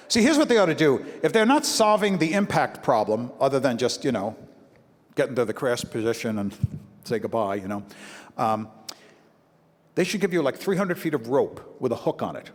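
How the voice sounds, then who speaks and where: A man from Brooklyn doing stand-up comedy to an audience, telling animated stories and slipping into acted-out voices. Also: medium pitch, moderate pace. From Brooklyn, New York. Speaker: comedian and motivational speaker. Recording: live hall with long reverb, faint ambience.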